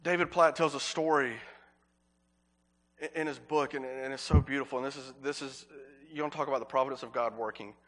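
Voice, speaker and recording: A man preaching a sermon as pastor, earnest, repeating words for emphasis and slowing on key phrases. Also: medium pitch, steady tone, a bit bright.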